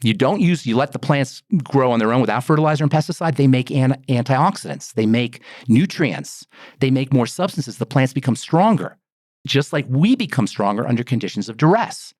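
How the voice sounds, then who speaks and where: A middle-aged man talks in a very lively, swooping voice, full of rhetorical questions and acted-out exclamations. He is explaining skin care as a pharmacist and formulator. The sound is dry and close, with no room around it. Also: medium pitch, moderate pace, dry recording. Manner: animated, rhetorical, acts out exclamations. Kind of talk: explanatory podcast talk.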